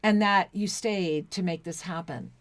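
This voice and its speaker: A woman's voice: fairly low pitch, a little slow, dry recording. A woman co-hosting a spiritual talk radio show, reading listener messages in an effusive, devotional way and often restarting her sentences. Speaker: co-host.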